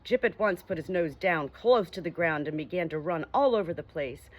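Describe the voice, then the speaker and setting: A woman reading a children's story aloud with gentle, expressive narration. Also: lowish voice, moderate pace. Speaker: audiobook reader.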